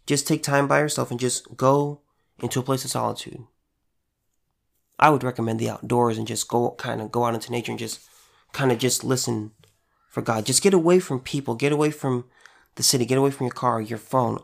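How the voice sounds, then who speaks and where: A man's voice: mid-range voice, creaky. Earnest man giving a casual sermon. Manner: earnest, conversational, with repetitions and restarts. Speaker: preacher. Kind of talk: informal devotional teaching.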